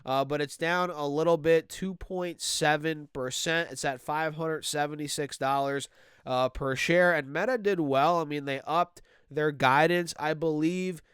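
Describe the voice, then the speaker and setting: A man's voice: fairly high pitch, unhurried, clear, resonant tone, no echo, clean studio sound. Nasal, stuffy-nosed man talking stocks. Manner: energetic, addresses viewers as guys, thinks aloud with fillers. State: stuffy nose from allergies. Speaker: stock market video host. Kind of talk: casual market commentary.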